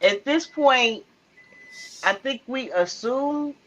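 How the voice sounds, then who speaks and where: A woman's voice: sits high, animated, slow pace, fairly bright tone. A woman with a Southern country accent co-hosting a movie review, chatting casually and laughing a lot. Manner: giggly, laughs constantly. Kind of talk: casual chat. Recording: dull lo-fi sound.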